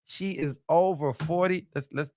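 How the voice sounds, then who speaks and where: A man's voice: on the high side, a little slow, a little mellow, a little hiss or hum. A middle-aged man hosting a casual livestream, reading viewer comments aloud and joking, with a playful manner and frequent repeated phrases.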